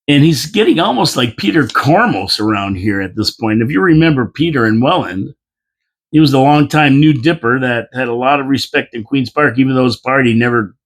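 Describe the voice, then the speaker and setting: Rambling man talking local politics. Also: mid-range voice. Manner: rambling, repeats himself, folksy asides. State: tired, yawning. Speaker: local commentary host. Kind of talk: casual opinion monologue.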